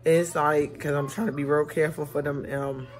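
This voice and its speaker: A woman's voice: deep voice, flat delivery, moderate pace. A woman in her forties chatting casually to her viewers at home and in the car. She rambles, talks straight to camera, and cannot open her mouth fully after tooth extractions. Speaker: vlogger and mother. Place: at home, later in a parked car.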